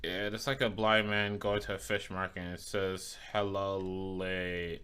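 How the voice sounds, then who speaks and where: Male game streamer, lowish pitch, playful roasting, loose casual cursing. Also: little pitch movement, moderate pace, pushed and bright, smooth. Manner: playful teasing, swears freely. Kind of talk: casual live-stream chatter while playing.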